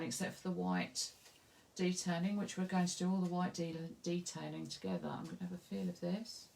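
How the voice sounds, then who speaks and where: A craft tutor with an Essex accent leads a live painting demonstration, chatty and self-deprecating as she thinks aloud while she works. Her mid-range voice is creaky and a little mellow, and there's a slight hiss or hum on the recording.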